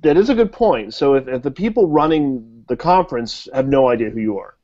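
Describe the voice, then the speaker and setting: A man's voice: mid-range voice, expressive, a little fast, mellow. Joking man on a muffled recording. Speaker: podcast co-host. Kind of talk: casual chat. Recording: lo-fi, dull sound.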